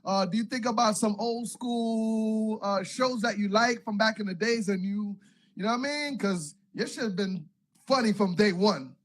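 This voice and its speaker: A man's voice: sits high, moderate pace. A man hosting a casual interview, with loose, profane, laughing banter. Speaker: radio host.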